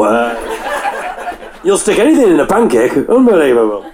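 A man's voice: on the high side, big pitch swings, brisk. A man bantering and teasing an audience on stage. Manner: joking, teasing. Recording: live gig, loud crowd.

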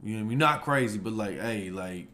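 A man's voice: fairly low pitch, fast, sharp tone. A man hosting a casual chat, laid-back and giving frequent agreement sounds. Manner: laid-back, backchannels a lot. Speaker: host.

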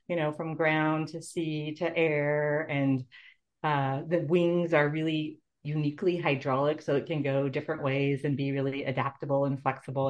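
A middle-aged woman, a nurse, telling her personal story in an interview in an earnest, heartfelt way. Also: deep voice. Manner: earnest, heartfelt, tearful at moments. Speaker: guest, nurse.

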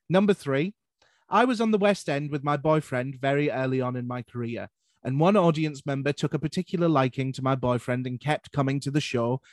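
A man's voice: fairly high pitch, dry recording, studio quality. A Scottish man from Glasgow, a playful podcast host chatting and running a game. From Glasgow, Scotland. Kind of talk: casual chat.

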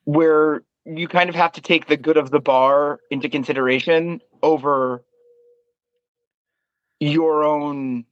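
A man with a somewhat high voice muses about bar work, stumbling over repeated words as he thinks aloud. The sound is dry and a little dull, like a cheap mic. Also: fairly even intonation, slow, no room sound. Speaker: bar worker, co-host. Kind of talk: casual podcast chat.

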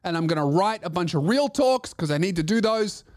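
This is a comedian hosting his own show, delivering a sarcastic, profanity-laced rant. His voice sits notably high for a man, and his grievances pile up one after another. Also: expressive, brisk, darkish tone. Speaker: comedian host. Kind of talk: comedic podcast monologue.

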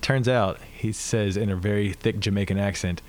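A man's voice: fairly low pitch, moderate pace. A man who is a musician, guest on a podcast, talking in an easygoing, friendly way and laughing readily. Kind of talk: casual interview chat.

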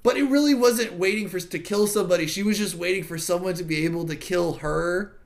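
A man's voice: brisk, gravelly. A man in casual podcast chat, animatedly retelling a game's story and acting out characters' lines. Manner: animated, acts out characters' lines with big jumps in pitch.

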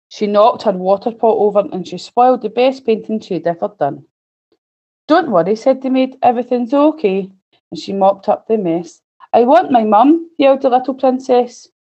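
Mellow woman reading to children. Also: fairly high pitch, highs cut off. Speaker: early years student presenter. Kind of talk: reading a story aloud to children.

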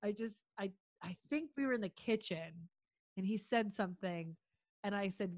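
A woman's voice: medium pitch, moderate pace, darkish tone, no room sound, clean studio sound. A woman in casual chat, telling a story bluntly and laughing often.

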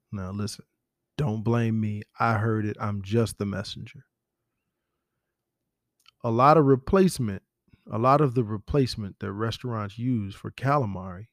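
A man's voice: lowish voice, creaky, no room sound, studio quality. A man hosting a podcast, talking in a rambling, profane, conversational way. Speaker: podcast host. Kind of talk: casual solo commentary.

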